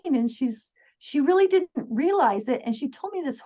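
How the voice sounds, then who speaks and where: In a casual storytelling interview, a middle-aged woman speaks as a podcast guest, earnest and chatty, often laughing and beginning sentences over. Her warm, high voice has lively intonation at a moderate pace, though the recording is dull and lo-fi.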